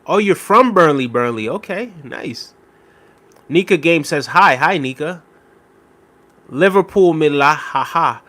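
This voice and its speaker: A man's voice: a little high, expressive, a little slow, long pauses, pushed and bright. A man hosting a casual live stream, reading viewer comments aloud and thanking them by name. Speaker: livestream host reading chat.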